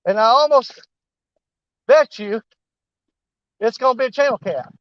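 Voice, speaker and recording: A man narrating a fishing trip on a snowy riverbank in a folksy, excitable way, talking straight to his viewers. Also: very high-pitched, unhurried, no room sound, muffled recording. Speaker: fishing vlogger. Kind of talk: casual outdoor commentary.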